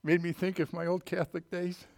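Casting note: middle-aged male pastor, slightly higher voice, homespun humor, swells to booming scripture reading. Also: little pitch movement, fairly quick, creaky. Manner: folksy storytelling, rising to loud emphatic scripture reading. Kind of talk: sermon.

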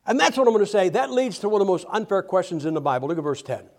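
High-voiced, animated male preacher. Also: racing. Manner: animated, humorous, with frequent restarts. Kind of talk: sermon.

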